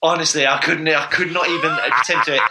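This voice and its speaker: Casting: male podcast co-host, very bright tone, eager rambling fan chat. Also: a little high, fairly even intonation, a little fast, a little hiss or hum, poor audio. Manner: enthusiastic, rambling with fillers. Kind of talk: casual sports chat.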